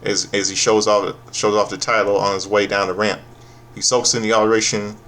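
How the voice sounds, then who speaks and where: A man's voice: on the low side, flat delivery, normal speed, a bit bright. A man giving a casual, profane, sarcastic recap of a wrestling show, often stopping and restarting his sentences.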